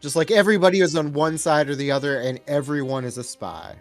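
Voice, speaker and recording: A man co-hosting a casual film chat with a relaxed, wry manner. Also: fairly high pitch, quick pace, faint music behind. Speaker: podcast co-host. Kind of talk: casual chat about a film over beer.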